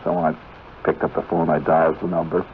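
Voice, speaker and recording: A low-voiced man spins a rambling story on a 1970s radio broadcast, talking straight to the listener with asides and digressions. The sound is thin and tinny, like a phone line, with a faint hiss underneath. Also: level tone, a little fast. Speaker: radio host.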